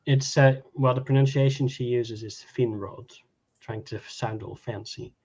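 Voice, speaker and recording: A man's voice: mid-range voice, steady tone, measured pace, darkish tone. Earnest man on a dull lo-fi mic. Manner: fussy about pronunciation, earnest. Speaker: co-host. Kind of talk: casual group chat. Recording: dull lo-fi sound.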